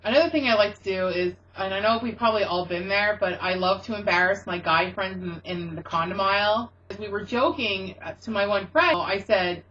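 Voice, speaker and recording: A woman's voice: mid-range voice, a little fast, hardly any pauses, fairly bright tone, lo-fi sound. A woman co-hosting a comedy web show, chatting casually and rambling through jokey anecdotes.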